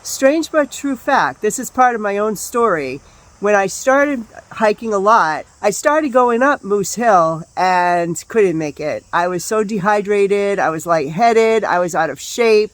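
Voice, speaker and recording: A woman's voice: medium pitch, lively intonation, measured pace, dry recording. A woman co-hosting a casual hiking vlog outdoors on a wooded trail, chatty, upbeat and candid. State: out of breath on the climb. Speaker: hiking vlogger.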